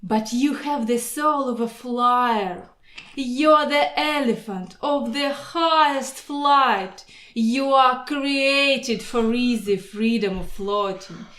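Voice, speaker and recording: A woman voicing a boastful, proud male mosquito who pitches himself like a salesman, grandiose and persuasive. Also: slow pace, fairly bright tone. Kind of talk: storybook voice acting. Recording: roomy echo.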